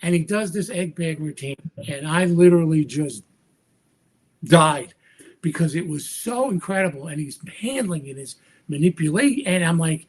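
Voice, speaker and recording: A man with a somewhat husky voice, pitched a little high for a man, tells stories in a podcast interview. He is a magician guest and speaks in a lively way, slipping into the voices of the people he quotes. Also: moderate pace. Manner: acts out quoted dialogue with lively voice shifts. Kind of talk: animated anecdotal storytelling.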